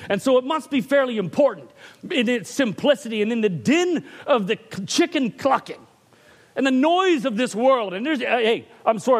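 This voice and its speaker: A man preaching a sermon in church, animated and often asking for an "Amen". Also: extremely high pitch.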